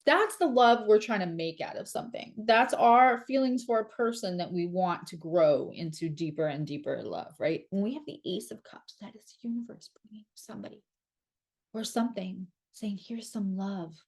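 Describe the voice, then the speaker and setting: A woman's voice: mid-range voice, expressive, moderate pace. A woman giving a casual tarot reading to camera, blunt and sarcastic, and she swears freely. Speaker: astrologer and tarot reader.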